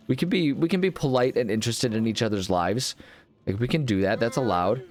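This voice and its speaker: A man's voice: medium pitch, fairly quick. Sleepy, rambling man gaming. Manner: rambling, jokey and self-mocking. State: sleepy and yawning. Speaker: gaming video host. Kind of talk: casual let's-play commentary.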